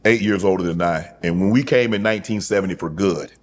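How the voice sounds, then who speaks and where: A middle-aged man hosting a casual interview, relaxed and measured, with many short affirming interjections. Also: low voice, a little hiss or hum. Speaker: host.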